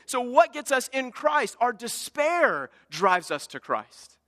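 A male pastor delivers a sermon with a high, bright, forceful voice that carries. He swings between loud emphatic bursts and quiet, almost muttered asides. The sound rings with the long reverb of a large hall. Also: big pitch swings, a little slow.

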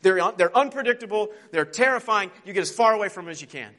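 A man's voice: fairly high pitch, expressive, normal speed, fairly bright tone. Bree, a proud and skittish storybook stallion, speaks in a raised, lofty voice as if explaining the obvious. A man puts him on within a sermon. Underneath the confidence, he sounds ready to bolt. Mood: panicked. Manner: lofty and lecturing, then panicked. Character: proud frightened male talking horse.

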